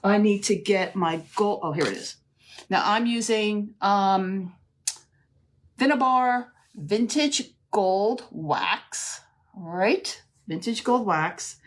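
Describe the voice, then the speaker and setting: A woman's voice: mid-range voice, slow. A middle-aged woman hosting a live crafting demonstration, chatty and gushing, often calling her viewers "ladies". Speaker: crafting live-stream host.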